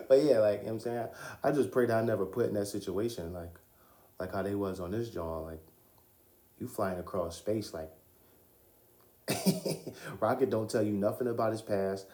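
A man's voice: lowish voice, a little slow, long pauses, dark tone. A young man hosting his own podcast, talking loosely and profanely about films, laughing often. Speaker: podcast host. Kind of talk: casual solo podcast talk. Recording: roomy echo.

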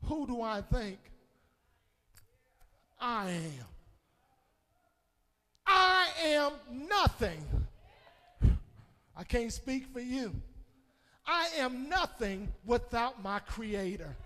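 A man preaching a sermon as pastor, calling on the congregation and swinging between shouted peaks and hushed low passages. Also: very animated, very slow, long pauses. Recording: long hall reverb.

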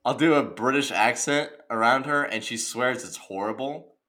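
A man's voice: mid-range voice, normal speed, sharp tone. A man with a Southern US accent, joking through a casual chat and laughing often.

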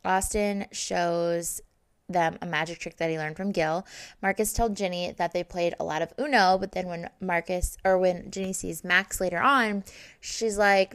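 A woman's voice: fairly low pitch, fairly even intonation, moderate pace, clean tone, dry recording, poor audio. A young adult woman recapping a TV series in a chatty, gushing way, full of likes and ums. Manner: chatty, filler-heavy, gushing. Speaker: podcast host recapping a TV series. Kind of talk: casual recap chat.

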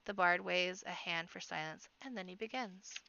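A woman reading a children's fantasy audiobook aloud, expressive, with occasional slips and restarts. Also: lowish voice, normal speed, gravelly, highs cut off, a little hiss or hum. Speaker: amateur audiobook reader. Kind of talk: storybook narration.

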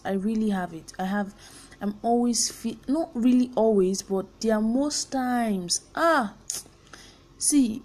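Candid Nigerian woman with a mellow voice. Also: medium pitch. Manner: candid, earnest, mixes in pidgin phrases. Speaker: podcast host. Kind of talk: personal podcast monologue.

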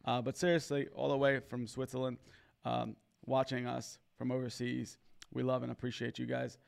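A man's voice: mid-range voice, little pitch movement, moderate pace, gravelly. A man co-hosting a church livestream, chatting casually and exhorting viewers with upbeat energy. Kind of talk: casual chat and preaching.

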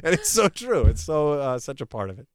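A middle-aged man telling a story in casual chat, animated and laughing often. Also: fairly high pitch, fairly quick, over a noisy crowd.

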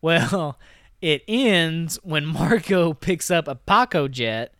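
A man co-hosting a movie podcast retells a plot in a loose, chatty way, full of "like" and "you know." His voice is bright and clear. It sits close and dry on the mic. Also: fairly high pitch, lively intonation, dry recording. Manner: retells scenes with quick quoted voices, many fillers. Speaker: podcast co-host. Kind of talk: casual movie recap.

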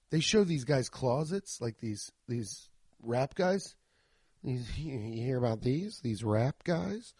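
A man's voice: on the high side, darkish tone, dry recording, studio quality. Rambling, profane young man podcaster. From Cincinnati area, Ohio. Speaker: podcast host. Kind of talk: casual comedic podcast monologue.

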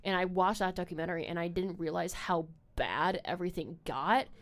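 Speaking fairly quickly in a lowish voice, a young woman hosts a relaxed podcast chat. Her delivery wanders, with many "like"s and fillers, and she swears freely throughout.

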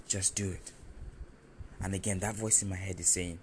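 A man with a low voice recounts a personal story in the first person. He talks in an animated, confessional way and pokes fun at himself. Room ambience sits clearly behind him. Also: normal speed, a little hiss or hum. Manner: animated, confessional, self-mocking.

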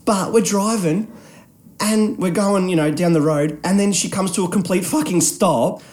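A man co-hosting a casual podcast, telling stories with lots of swearing and mimicking people. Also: moderate pace. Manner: animated storytelling, swearing, mimics others in high voices. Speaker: podcast co-host.

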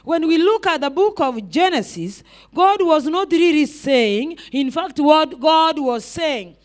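A woman's voice: sits high, expressive, slow. A woman evangelist preaching a sermon, repeating rhetorical questions and calling out to the congregation.

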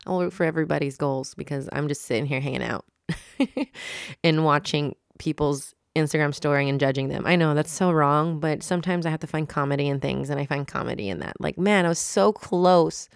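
A woman's voice: deep voice, fairly even intonation, brisk, dry recording, studio quality. A woman hosting a solo podcast, rambling and chatty in a casual, self-mocking monologue. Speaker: podcast host.

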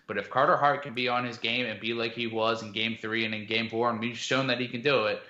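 Man, casual sports podcast chat, rambling, bright tone, roomy dull recording. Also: mid-range voice, fairly even intonation, fast talker. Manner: rambling, filler-heavy analysis. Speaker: podcast co-host.

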